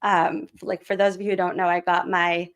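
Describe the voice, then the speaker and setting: A woman hosting a casual live stream and reading aloud. She rambles warmly between thoughts, full of little fillers and giggles. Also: lowish voice, level tone, normal speed. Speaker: live-stream host, former teacher.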